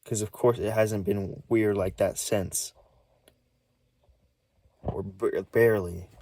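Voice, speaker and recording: A nervous man rambles into the camera in a lowish voice, stammering and restarting his words. His pitch swings up and down as he talks, and now and then he drops into a hushed whisper. It is a shaky, casual vlog delivery. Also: steady tone, takes it slowly. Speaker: vlogger.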